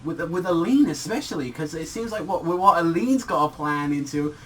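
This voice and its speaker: A man's voice: fairly high pitch, animated, brisk, fairly bright tone, distant mic, slight background noise. A young British man reviewing manga in a casual vlog, rambling and swearing, with lots of fillers. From Britain.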